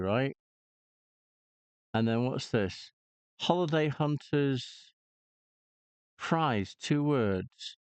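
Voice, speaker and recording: Casually commenting on puzzles and games, a male channel host hesitantly talks through clues and moves under his breath. His creaky voice is mid-range, and the dull, lo-fi audio has no room sound.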